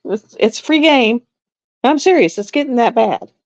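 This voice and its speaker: A middle-aged woman hosting a live stream in casual chat, blunt and repetitive, often quoting herself in an even higher voice. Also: a little slow. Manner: chatty, blunt, drawling, repeats herself. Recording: dry, dull lo-fi sound.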